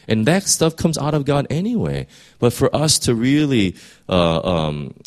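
A man preaching a sermon in a conversational way, often repeating words and rising to emphatic peaks. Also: on the low side. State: voice straining, clearing throat. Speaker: pastor.

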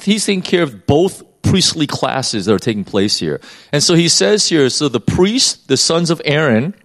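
Animated man teaching from the Bible. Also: a little high. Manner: animated, repeats words while thinking. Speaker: preacher.

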